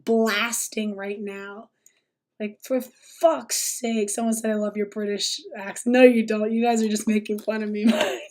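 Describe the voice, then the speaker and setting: A woman's voice: on the high side, a little hiss or hum. A young woman streamer reacting to a video in casual commentary, profane and mocking.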